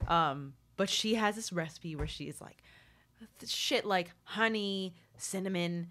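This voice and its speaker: Brief: woman co-host, lowish voice, loose and profane, quick to laugh. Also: fairly bright tone. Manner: rambling, profane and laughing easily. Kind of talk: casual chat.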